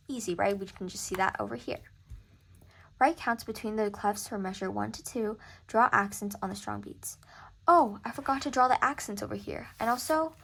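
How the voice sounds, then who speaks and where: A woman's voice: mid-range voice, gravelly, a bit bright, breathy edge. A woman tutoring music theory in a casual lesson, chatty and thinking aloud as she corrects herself. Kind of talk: casual screen-recorded lesson.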